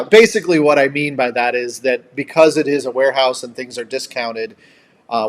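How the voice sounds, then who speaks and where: Chatty man hosting a live stream. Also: mid-range voice. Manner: chatty, reads out and thanks viewer comments. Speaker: co-host of a live chat. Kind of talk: casual live-stream chat.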